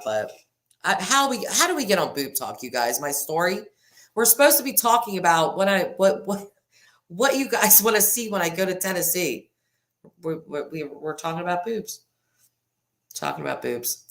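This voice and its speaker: Woman, livestream host; low, very animated voice; rambling and laughing, talks straight to her viewers. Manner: rambling and self-interrupting, laughs often; reads viewer comments aloud. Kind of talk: casual live chat with viewers.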